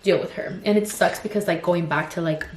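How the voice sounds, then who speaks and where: A woman's voice: lowish voice, fairly quick. A woman in her twenties, a vlogger and mother of two toddlers, venting in a frank, rambling casual chat packed with "like" and "you know". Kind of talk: casual get-ready-with-me vent. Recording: roomy echo with faint ambience.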